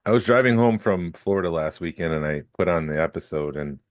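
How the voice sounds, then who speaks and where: A man's voice: deep voice, animated, brisk, no echo. A man co-hosting a casual podcast chat, telling stories with dry, teasing wit. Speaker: podcast co-host.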